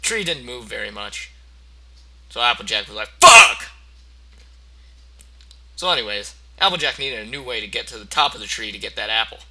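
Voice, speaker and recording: A man's voice: mid-range voice, bright, forceful tone, poor audio. A man reading a mock audiobook aloud, rambling, stammering and cursing as he goes. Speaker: parody storyteller.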